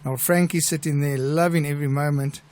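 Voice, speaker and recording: A middle-aged man with a South African accent, a pilot who hosts a live show and tells stories in a chatty, relaxed way. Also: a little high, quick pace. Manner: chatty, relaxed storyteller with restarts. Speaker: airline pilot and show host. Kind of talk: live show chat and anecdote telling.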